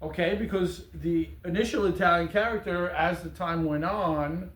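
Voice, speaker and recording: A man hosting a casual interview, speaking in a slow, deliberate, mock-serious way at a theater venue after a performance. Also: sits high, fairly bright tone. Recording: roomy echo.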